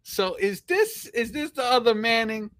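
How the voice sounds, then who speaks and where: A man's voice: extremely high pitch, expressive, measured pace, fairly bright tone. A man with a thick New York accent hosting a casual live stream, chatting playfully and reading viewer comments aloud, repeating phrases and chuckling often.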